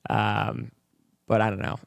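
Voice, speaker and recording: A man's voice: lowish voice, big pitch swings, unhurried, creaky, no echo, studio quality. A man talking as a podcast guest in casual chat, telling loose stories with plenty of swearing and laughter. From Brazil. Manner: loose, profane storytelling with frequent laughs.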